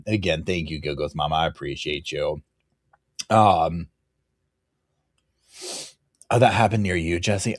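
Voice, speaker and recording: A man hosting a casual true crime livestream from home, rambling and animated, reading viewer comments and acting out quotes in a raised voice. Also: low voice, a little hiss or hum. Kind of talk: casual live chat reacting to viewers. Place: home, dogs barking nearby.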